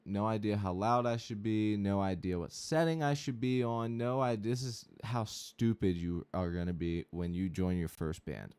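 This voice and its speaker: A man with a fairly low voice, chatting on his stream about his gear and his old bands. He tells it loosely and profanely, stacking "like" and "uh" as the story runs on. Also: clean tone. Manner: rambling, profane, animated anecdote with frequent fillers. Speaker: guitarist and streamer. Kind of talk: casual storytelling on a livestream.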